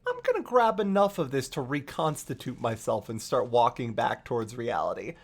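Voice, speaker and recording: A streamer voicing a scheming, returned-from-death queen who speaks in a hushed, offhand murmur. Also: mid-range voice, very animated, normal speed, slightly rough, voice pushed down. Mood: sly. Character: cool, scheming undead queen, woman.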